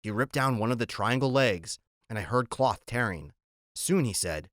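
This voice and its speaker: A man's voice: mid-range voice, dry recording. Man reading a novel, dry close sound. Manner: measured, even storytelling. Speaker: audiobook narrator. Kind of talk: audiobook narration.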